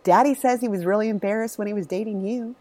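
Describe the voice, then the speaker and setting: A woman's voice: medium pitch, quick pace, mellow. Woman, 30s, mother, candid storyteller, swears a lot. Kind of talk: casual chat.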